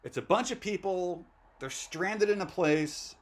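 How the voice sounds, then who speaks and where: A man's voice: high voice, lively intonation, unhurried. Enthusiastic man rambling about old movies. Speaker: host. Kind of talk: casual movie chat.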